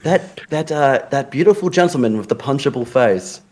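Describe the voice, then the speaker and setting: A man's voice: medium pitch, lively intonation, moderate pace, darkish tone. Tired man telling wrestling stories. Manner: joking storyteller, crude banter. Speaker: show regular, wrestler. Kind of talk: casual chat.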